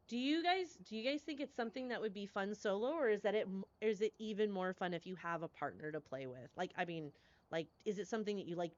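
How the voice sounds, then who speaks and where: A woman's voice: mid-range voice, dry recording. Chatty woman game streamer, effusive with her viewers, on a somewhat muffled recording. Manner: effusive, gushing thanks to chat; rambling, chatty. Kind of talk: live stream chat.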